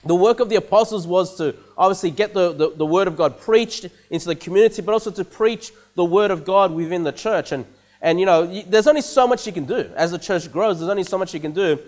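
A man's voice: high-pitched, a little fast, darkish tone. A man preaching a conversational sermon as pastor of a church, often repeating words and checking in with the congregation with "okay?" and "you know".

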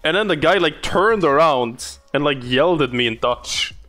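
A man's voice: a little high, animated, normal speed, a bit bright, soft background music. A young man streaming a video game, chatting casually and rambling about his day while swearing freely. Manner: profane, rambling, laid-back. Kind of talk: casual gaming commentary.

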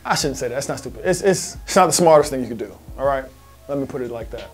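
A man hosting a basketball advice channel, telling stories in a lively, slangy, casual way. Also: mid-range voice, fast talker, music in the background. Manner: animated storyteller with slang.

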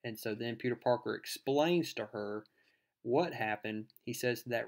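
A man's voice: medium pitch, a little slow. A man casually retelling a comic book issue in a chatty, amused way.

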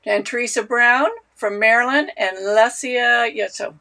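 A woman's voice: on the high side, unhurried. Chatty woman greeting live viewers. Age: older. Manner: warm, chatty, reads out viewer names. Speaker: knitting teacher hosting a live stream. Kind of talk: casual live-stream chat, greeting viewers.

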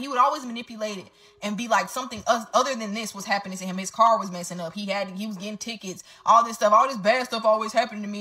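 Young woman, bright voice, blunt and heated, profane venting storytime. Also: on the high side.

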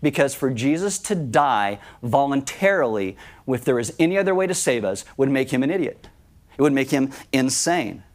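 A man's voice: mid-range voice, big pitch swings, normal speed. A man preaching a sermon as pastor, emphatic, and he acts out the voices of people he quotes. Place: church.

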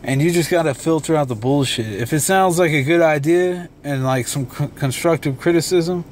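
A young man talking in a relaxed, rambling vlog monologue from a dark room at home, swearing freely. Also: on the high side, moderate pace, a little hiss or hum. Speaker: vlogger and beatmaker.

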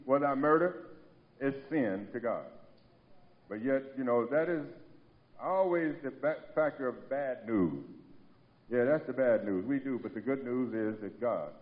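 In a church sanctuary, a man preaches an emphatic, repetitive sermon, frequently prompting the congregation to answer back. His voice is medium-pitched, and the muffled recording has the long reverb of a large hall.

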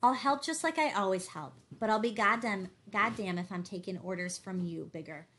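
A woman's voice: mid-range voice, normal speed, fairly bright tone, natural voice. A woman voicing a proud young man in an audiobook, reproachful and stubborn, lecturing his rival. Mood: defiant.

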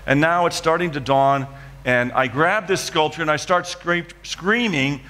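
A man's voice: a little high, measured pace, sharp tone, long reverb tail. A man preaching a dramatic testimony in church, acting out scenes from his story. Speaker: guest preacher. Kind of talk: sermon testimony.

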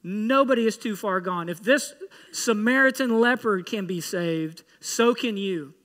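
A man's voice: high voice, measured pace, a bit bright, long reverb tail. A man preaching an emphatic sermon as pastor, pressing his point with rhetorical questions. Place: church sanctuary.

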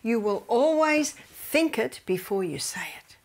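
A woman's voice: fairly high pitch, expressive, measured pace. A middle-aged woman gives a faith-based health lecture, telling stories with animation and often dropping to near-whispers.

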